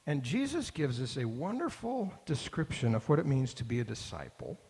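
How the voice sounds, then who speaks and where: A man's voice: medium pitch, huge pitch swings, normal speed, a little mellow, breathy edge. A man preaching a sermon as pastor, earnest and building to emphatic repeated phrases. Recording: long hall reverb.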